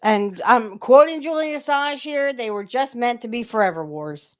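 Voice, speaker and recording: A woman's voice: a little high, expressive, moderate pace. A woman co-hosting a casual political chat, joking and breaking into mock voices of politicians. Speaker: podcast co-host.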